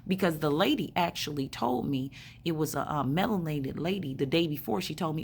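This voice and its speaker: A woman's voice: deep voice, expressive, fairly quick, creaky, a little mellow, slight background noise. A woman in a hospital room telling a rambling story in a blunt, profane way, full of fillers. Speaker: spiritual vlogger. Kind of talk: casual storytelling monologue.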